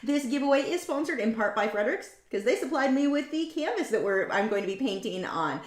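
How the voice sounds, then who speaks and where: A woman's voice: on the high side, expressive, fairly quick. Lady chatting away while she paints, goes off on tangents, pokes fun at herself, bit of room echo. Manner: rambling, tangent-prone, self-mocking. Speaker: artist hosting a painting livestream. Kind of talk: chatty live painting demo. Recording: roomy echo.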